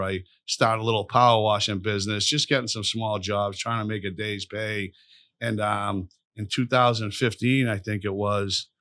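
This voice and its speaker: This is a studio-quality, dry recording of a man with a voice on the low side. As a podcast guest in a casual interview, he's animated and tells rambling, profane stories.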